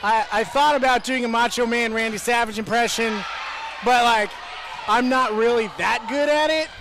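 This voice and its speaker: A man's voice: very high voice, moderate pace, noisy background. A man calling a college volleyball match in a casual, jokey, rambling way. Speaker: play-by-play commentator. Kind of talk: casual sports commentary.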